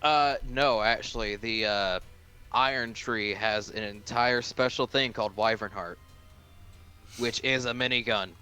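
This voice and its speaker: A man's voice: on the low side, measured pace, sharp tone, clean tone, faint music behind. A young man running a tabletop game as dungeon master, talking casually through the turn order with his players.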